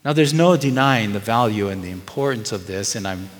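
A man's voice: lowish voice, lively intonation, a little fast, long reverb tail. A middle-aged man preaching a sermon, earnest and conversational, asking the congregation questions as he goes. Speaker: pastor.

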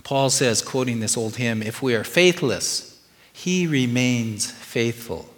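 A man's voice: medium pitch, slow, a bit bright, in a large hall. A middle-aged man preaching a sermon, earnest and conversational, asking the congregation questions as he goes. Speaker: pastor.

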